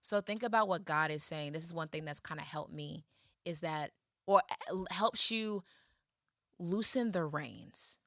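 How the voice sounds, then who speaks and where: A woman co-hosting a faith talk show, energetic and encouraging, turning reflective when she teaches from scripture. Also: sits low, a little slow, no echo, studio quality. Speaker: co-host.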